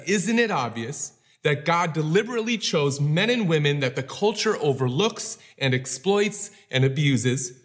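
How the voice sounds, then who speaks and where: A man's voice: fairly high pitch, a bit bright. A man preaching a sermon, acting out scenes with voices and rising to urgent calls. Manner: dramatic, acts out the scenes he tells.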